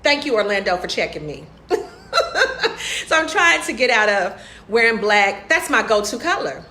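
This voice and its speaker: A hoarse woman hosting an upbeat motivational live stream, greeting viewers by name and laughing often. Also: medium pitch, very animated, moderate pace, sharp tone. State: hoarse, losing her voice. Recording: echoey room.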